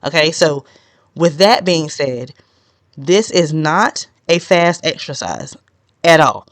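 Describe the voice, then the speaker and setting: A woman's voice: sits low, lively intonation, takes it slowly, no echo, studio quality. A woman hosting a solo podcast as a business consultant, chatty and direct, with laughing asides. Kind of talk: casual solo podcast teaching.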